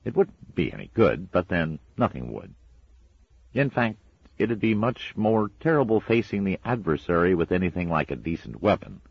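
A man narrating a storybook in a measured, dry and expressive way. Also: sits low, creaky, breathy edge, no echo, highs cut off. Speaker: audiobook narrator.

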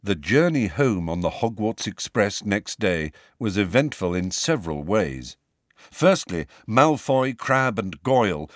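A man narrating a novel as an audiobook, with expressive, varied storytelling. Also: lowish voice, no echo, studio quality.

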